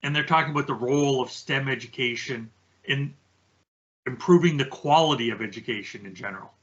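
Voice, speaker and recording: Male podcast co-host, easygoing explainer, fairly bright tone, somewhat dull recording. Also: medium pitch, fairly quick. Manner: relaxed, explains research points step by step. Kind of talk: casual conversational chat.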